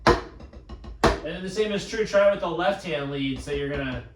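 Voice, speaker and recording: A man's voice: on the high side, measured pace, recorded from a distance, loud music behind the voice. A man teaching a drum lesson, coaching a student and calling out strokes as he plays. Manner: coaching, counting strokes aloud. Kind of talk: live practice pad lesson. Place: drum school room. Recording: echoey room, off-mic, loud noise.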